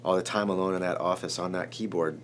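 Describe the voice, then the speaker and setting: Screenwriter guest, man, forties, from Chicago, low voice, excitable storyteller who restarts sentences. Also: fast, a little hiss or hum. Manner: animated, rambling storyteller, restarts often. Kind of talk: emotional storytelling in an interview.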